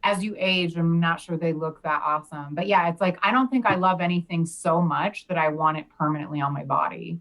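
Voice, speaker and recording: A woman's voice: on the low side, steady tone, a little fast, hardly any pauses, a bit bright, low-quality recording. A woman from the United States, chatting casually on a podcast, hesitant and full of fillers. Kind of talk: casual chat.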